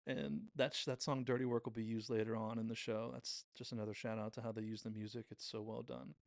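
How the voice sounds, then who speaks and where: A man hosting a show, casually recapping a TV episode scene by scene and quoting the characters in quick impressions. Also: lowish voice, little pitch movement, gravelly, dry recording. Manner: retells scenes with quick quoted impressions, self-correcting. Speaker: podcast host reviewing a TV episode.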